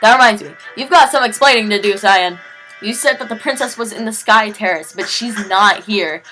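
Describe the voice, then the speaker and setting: A woman's voice: mid-range voice, moderate pace, bright, forceful tone, soft background music, natural voice, rough recording. A woman doing a brash valley-girl fighter. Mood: impatient. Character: brash young female fighter, mocking.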